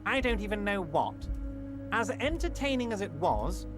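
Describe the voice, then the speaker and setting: An actor playing a smooth, falsely reassuring union boss in a video game, oily in manner. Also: male voice, sits high, big pitch swings, normal speed. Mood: mocking concern. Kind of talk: game voice acting. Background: game music.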